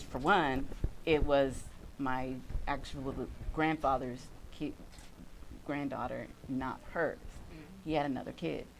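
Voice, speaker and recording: Woman with a low voice, co-hosting a chill talk show, says mm-hmm a lot, faint noise behind. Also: poor audio. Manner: frequent murmured agreement, plain storytelling. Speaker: podcast co-host. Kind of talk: casual chat.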